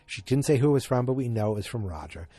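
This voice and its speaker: Male podcast host, casual recap, halting and rambling delivery, dry close sound. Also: mid-range voice, lively intonation, mellow, no room sound. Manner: rambling, halting, many fillers and restarts.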